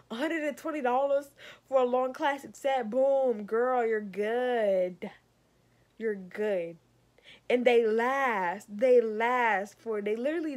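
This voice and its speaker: A young woman rants through a storytime for her vlog. She keeps calling her viewers y'all and sounds exasperated as she tells it. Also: a little high. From Savannah, Georgia. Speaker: vlogger. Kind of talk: storytime rant.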